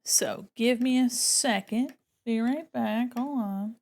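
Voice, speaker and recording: Chatty woman streamer with vocal fry. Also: a little high, slow, darkish tone. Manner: chatty, thinks aloud and talks to viewers. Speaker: art streamer. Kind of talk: casual chat while drawing. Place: home room by a window.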